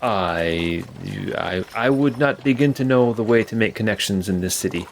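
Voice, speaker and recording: A courteous but fumbling manor guard trips over his words, as a man puts him on. His voice is on the lower side, with a faint hiss behind him. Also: moderate pace, natural voice. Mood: flustered. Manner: polite, flustered, stammering. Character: male manor gate guard, polite and fumbling.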